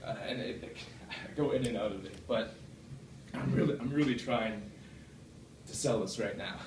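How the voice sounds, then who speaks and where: A man speaking at a club delivers a prepared but meandering, self-mocking speech, stumbling through fillers and restarts at a moderate pace. He puts on a deeper voice from his chest, and the recording comes from across an echoey meeting room with background noise.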